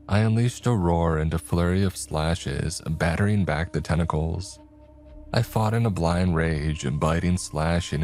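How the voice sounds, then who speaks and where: A man giving a measured, dramatic scripted narration of a horror story. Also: low voice, darkish tone. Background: faint music.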